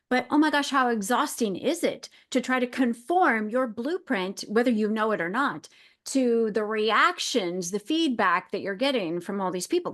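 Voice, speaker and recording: Woman hosting a webinar call. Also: fairly high pitch. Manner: affirming, reflective. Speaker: webinar host. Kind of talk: casual chat. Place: video call.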